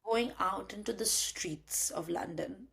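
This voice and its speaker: Animated young woman telling a story. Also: medium pitch, takes it slowly, vocal fry, slightly rough. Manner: animated storytelling, acts out quoted friends. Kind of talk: casual chat.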